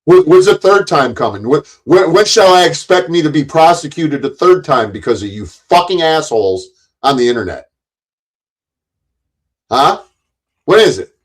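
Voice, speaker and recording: A man's voice: a little high, sing-song, moderate pace, long pauses, low-quality recording. Profane, ranting middle-aged man. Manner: confrontational, taunting, swears heavily, stammers on restarts. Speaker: YouTube commentator. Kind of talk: angry profane rant to the camera.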